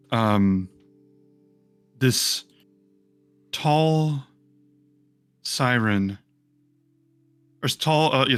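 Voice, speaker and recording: A man's voice: medium pitch, clear, resonant tone, no echo. A man running a tabletop game as game master, narrating loosely with frequent ums and restarts. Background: soft background music.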